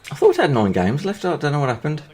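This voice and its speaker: A man's voice: fairly high pitch, huge pitch swings, quick pace, darkish tone. A man, stuffy-nosed from hay fever, giving rambling, hesitant casual commentary while playing a football video game. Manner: rambling and hesitant, full of restarts. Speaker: gaming video creator.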